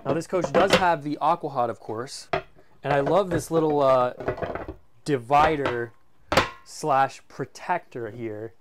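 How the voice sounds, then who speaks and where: A man's voice: mid-range voice, a little slow, background noise. A man casually presenting a walkthrough of a motorhome for sale, enthusiastic and full of fillers like "um" and "like". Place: inside a motorhome.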